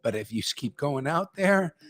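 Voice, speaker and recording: A man's voice: fairly high pitch, lively intonation, normal speed, fairly bright tone. An older man giving a blunt, slangy devotional talk as a spiritual teacher, ranting and calling his listeners "man.". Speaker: spiritual teacher leading a chanting gathering.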